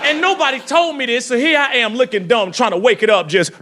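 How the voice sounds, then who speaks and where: Stand-up man, very high voice, noisy live club, handheld mic. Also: a little fast. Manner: loud, animated, full of sound effects and put-on voices. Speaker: stand-up comedian. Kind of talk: stand-up comedy set. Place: comedy club stage. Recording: live club with crowd laughter.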